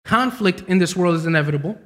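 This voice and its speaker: Young male preacher, high voice, lively storytelling sermon, long hall reverb. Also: quick pace. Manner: storytelling preacher, voice climbs high when excited. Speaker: pastor.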